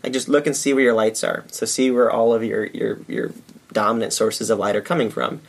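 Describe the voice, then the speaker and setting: A man with a Midwestern accent, a podcast guest explaining lighting in a relaxed, swear-prone chat. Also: fairly low pitch, fairly quick, gravelly. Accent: Midwestern American. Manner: relaxed, swears freely, laughs often.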